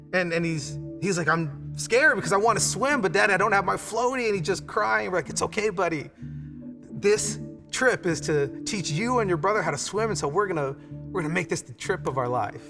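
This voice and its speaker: A man in his thirties, a pastor, telling a family story in a conversational online church sermon with frequent restarts. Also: on the high side. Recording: long hall reverb with music behind.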